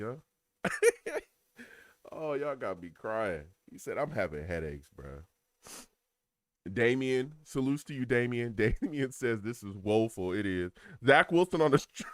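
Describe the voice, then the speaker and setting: Animated New York man reacting live. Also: mid-range voice, measured pace, dry recording. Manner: animated, laughs a lot, reads chat aloud. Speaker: live game reaction streamer. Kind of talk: casual live chat commentary.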